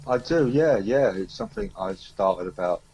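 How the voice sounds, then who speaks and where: A man's voice: lowish voice, sing-song, normal speed, a little mellow, breathy edge, muffled recording, soft background music. A man, a singer-songwriter, chatting easily as a guest on a radio show. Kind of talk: casual interview chat.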